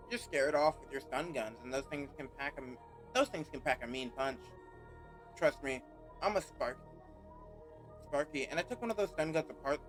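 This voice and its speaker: A man's voice: fairly high pitch, a bit bright. A man voicing a laid-back, easygoing electrician in a game with a put-on accent, saying "mate" and "no worries". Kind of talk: reading game dialogue aloud.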